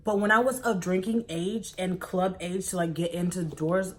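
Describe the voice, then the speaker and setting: A young woman in her twenties telling a personal story to her viewers in a casual, animated way, often acting out what people said. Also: fairly low pitch, moderate pace. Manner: animated, quotes people in her own voice, says "like" a lot. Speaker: vlogger.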